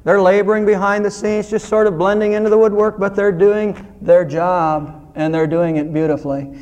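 A man preaching a sermon as pastor, earnest, rising to loud emphasis and dropping to soft low asides. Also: steady tone, normal speed, big-room sound, muffled recording.

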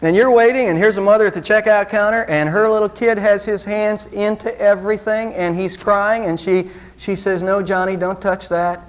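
A man's voice: high voice, normal speed, hardly any pauses. A male pastor preaching a sermon, earnest and direct, with pointed rhetorical questions to the congregation.

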